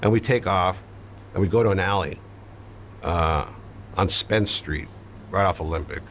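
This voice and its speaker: A man with a very deep, low voice tells his story in an interview. He is blunt and matter-of-fact, swears casually and pads his sentences with fillers. A faint hum of noise sits behind him. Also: unhurried, fairly bright tone. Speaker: interview guest recounting his past. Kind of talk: conversational storytelling.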